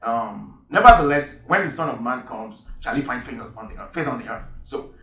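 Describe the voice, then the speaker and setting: A man's voice: mid-range voice, expressive, normal speed, bright, forceful tone. A man preaching a sermon and reading Bible verses, emphatic and repeating key phrases. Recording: echoey hall, voice from far off.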